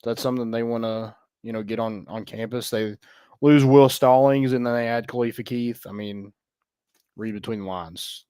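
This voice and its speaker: A man co-hosting a podcast, giving sports news in a relaxed, casual way with many fillers. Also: medium pitch, moderate pace, clear, resonant tone, no room sound, studio quality. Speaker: podcast co-host.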